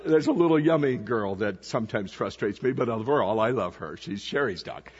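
A man's voice: on the low side, animated, a little fast, husky, in a large hall, lo-fi sound. A man preaching as a visiting pastor to a church congregation, telling stories and asking the people questions. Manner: storytelling, asks the congregation questions. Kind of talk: sermon. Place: church sanctuary.

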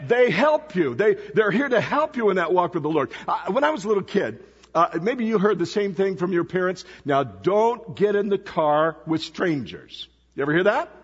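High husky preacher in a dull echoing hall. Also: male voice, very animated, fairly quick. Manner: storytelling, asks the congregation questions. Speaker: visiting pastor. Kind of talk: sermon. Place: church sanctuary.

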